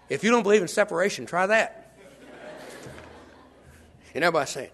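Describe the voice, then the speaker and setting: An older man preaching a sermon, shifting from hushed asides to shouts as he acts out scenes. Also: a little high, fast talker, pauses often, husky. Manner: animated, swings from hushed to shouting, acts out bystanders.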